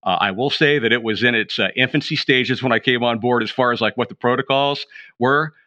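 Fast-talking middle-aged man, rambling storyteller. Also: mid-range voice, dry recording, highs cut off. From Appalachian edge of Pennsylvania. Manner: rambling, self-correcting, animated storyteller. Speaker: podcast guest, retired drug agent. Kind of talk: casual storytelling interview.

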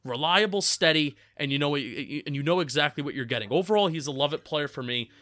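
A man's voice: a little high, fast talker, bright, forceful tone, dry recording. A man with a New Jersey accent, talking casually as a co-host in a chatty, loose way, often restarting his words. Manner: chatty, restarts words, laughs at own slips. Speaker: co-host of a football draft podcast. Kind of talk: casual sports analysis chat.

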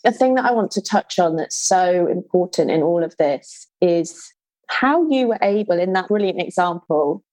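A woman's voice: lowish voice, lively intonation, normal speed, a little mellow, dry recording, rough recording. A woman hosting an interview, speaking thoughtfully and in a casual, reflective way. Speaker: podcast host.

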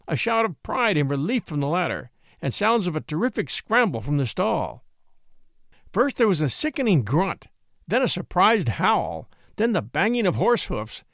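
A man narrating a story in an expressive, measured reading. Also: high-pitched, creaky, dry recording, studio quality. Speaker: audiobook narrator.

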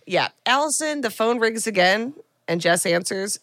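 A woman's voice: mid-range voice, no room sound, studio quality. A woman co-hosting a podcast, casually recapping a movie and acting out the characters' lines as she goes. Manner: animated storytelling with quick acted-out quotes. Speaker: podcast co-host.

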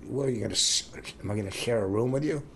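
A man's voice: medium pitch, quick pace, gravelly, a bit bright, a little hiss or hum. A man comedian co-hosting a podcast, chatting casually in a rambling, self-interrupting way. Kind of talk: casual chat.

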